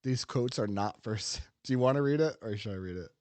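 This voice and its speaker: A man co-hosting a casual podcast, animated, swearing and laughing often. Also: medium pitch, fairly quick, dry recording. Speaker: podcast co-host.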